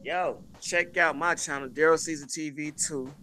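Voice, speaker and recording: A man's voice: a little high, fairly even intonation, normal speed, pushed and bright, a little hiss or hum. A man guesting on a casual live-stream chat, laid-back and slangy, constantly tagging his lines with "you know what I'm saying.". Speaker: guest YouTuber.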